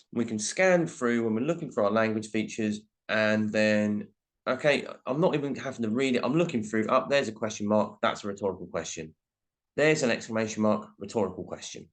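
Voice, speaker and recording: A man's voice: on the low side, fairly quick. Man teaching an English lesson. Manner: explanatory, reads example sentences aloud. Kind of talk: recorded classroom lesson.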